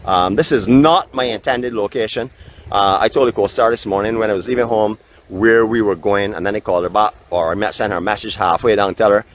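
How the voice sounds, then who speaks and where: A Barbadian man with a fairly quick, low-pitched voice hosts a live vlog from a raft off the beach, chatting like a welcoming tour guide. Only the camera's built-in mic captures him, with no external microphone, and a faint wind blows in the background.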